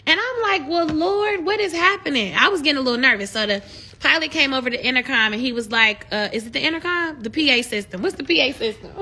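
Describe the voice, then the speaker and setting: Talking at a quick pace, a bright, high-voiced young woman hosts a live stream with casual chatter. Her tone has a forceful edge, and she often breaks into animated, encouraging preaching.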